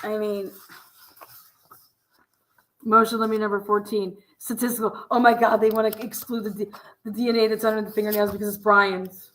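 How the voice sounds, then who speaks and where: Woman, livestream host, casual rant, profane, sarcastic, slightly hoarse, echoey room. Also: medium pitch, level tone, fairly quick, long pauses, fairly bright tone, a little hiss or hum. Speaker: true crime livestream host.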